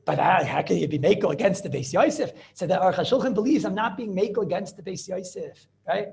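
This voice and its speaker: A middle-aged rabbi giving an informal yeshiva class. He is animated and rhetorical, keeps asking "right?", and mixes Hebrew and Yiddish terms into his talk. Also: high voice, fast, gravelly, hardly any pauses. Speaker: rabbi teaching a halacha class.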